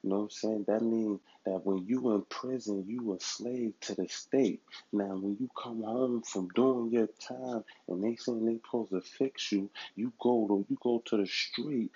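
A man's voice: mid-range voice, gravelly, warm tone, slightly rough. A man delivering a heated street monologue, repetitive and slangy, stumbling over words when worked up. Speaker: vlogger giving street advice. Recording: dull lo-fi recording.

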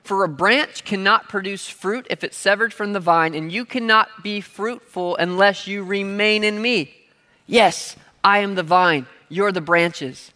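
A man's voice: sits high, a little slow, bright, forceful tone. A man preaching a sermon as pastor, talking conversationally with playful asides and having the crowd repeat key words. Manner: playful asides and everyday examples. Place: church hall. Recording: long reverb of a large hall.

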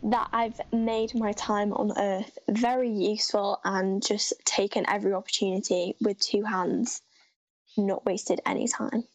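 A woman's voice: mid-range voice, flat delivery, unhurried, low-quality recording. A teenage girl from Britain, a guest in a casual interview, chatty, saying "like" a lot and laughing easily. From Great Britain. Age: teens.

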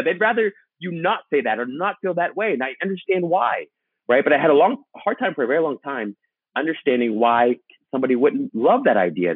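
A man's voice: mid-range voice, husky, no room sound. A male host in a casual interview, talking in a reflective, affirming way. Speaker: podcast host. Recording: tinny phone line, dry.

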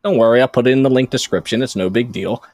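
A man's voice: medium pitch, fast, darkish tone, no room sound, studio quality. A man hosting a casual podcast chat, talking chattily with lots of fillers and frequent laughs. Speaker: podcast host.

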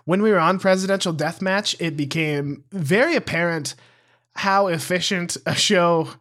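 Animated man laughing through casual chat. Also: sits high, moderate pace. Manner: animated, laughs often, swears freely. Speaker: podcast co-host.

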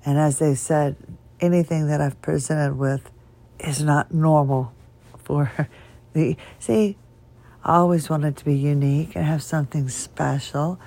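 A woman's voice: low voice, steady tone, unhurried, mellow. A woman hosting her own podcast from her bed, talking in a wandering, tangent-prone way and chuckling now and then, her voice weak and strained as she struggles to speak. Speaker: podcast host. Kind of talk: rambling solo podcast talk. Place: in bed at home.

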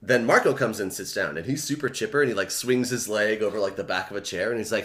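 A man's voice: lowish voice, fast, hardly any pauses. A man hosting a podcast, casually recapping a book's plot with lots of "like" and swearing. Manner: relaxed storytelling, peppered with "like" and swearing. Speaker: podcast host. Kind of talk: casual book recap chat.

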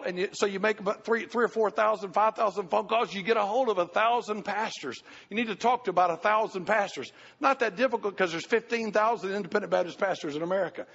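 A man's voice: high-pitched, creaky, a bit bright, husky, in a large hall, highs cut off. A middle-aged pastor giving a folksy, conversational sermon, often restarting his sentences.

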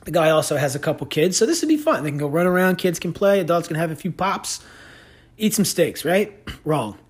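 A man hosting a podcast, telling stories in a sarcastic, animated rant. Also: on the high side, a little fast, breathy edge. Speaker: podcast host. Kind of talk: casual ranting commentary.

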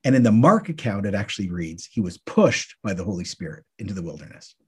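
A man co-hosting a podcast, teaching through Bible passages in a casual, lively way and acting out the questions listeners might ask. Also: on the low side, fast talker, breathy edge.

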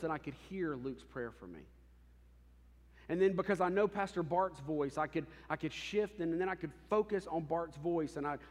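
Animated male pastor in an echoing hall. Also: on the high side. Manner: conversational, animated storytelling. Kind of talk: sermon. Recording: long hall reverb.

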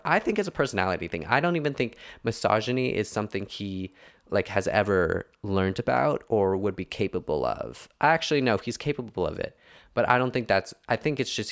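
A man's voice: on the low side, vocal fry, a bit bright. A young man hosting a podcast, ranting casually and rambling with many filler words and self-corrections. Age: young adult. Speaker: podcast host.

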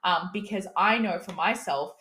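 A woman with a fairly low, bright voice speaks at a normal speed in a forceful tone. A business coach hosting a casual solo podcast, she shares her views candidly and cheekily, laughing now and then and swearing for emphasis.

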